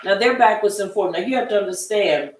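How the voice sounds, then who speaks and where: A woman's voice: medium pitch, quick pace, distant mic, slight background noise. A woman teaching a Bible study class in a conversational, folksy way, often repeating herself and acting out the voices she quotes. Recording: echoey room, voice from off-mic.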